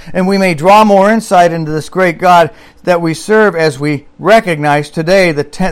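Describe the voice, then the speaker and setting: A male pastor preaching a sermon, reading scripture and quotes aloud and repeating key phrases with slow emphasis. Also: fairly high pitch.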